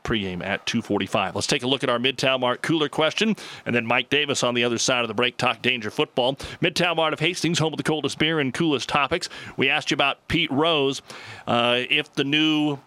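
A male sports radio host with a bright, forceful voice. He talks in an easygoing way, running through game times and promos. Recorded on a studio microphone. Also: mid-range voice, a little fast. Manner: easygoing, reads schedules and promos.

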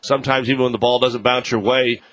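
A man hosting a sports radio show, briskly reading plugs and chatting about games. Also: mid-range voice, level tone, a bit bright, dry recording. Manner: brisk, reads promos and plugs.

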